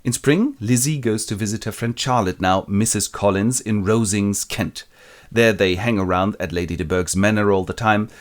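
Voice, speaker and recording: A man's voice: lowish voice, normal speed. A man narrating a comic, irreverent literature summary in a casual tone.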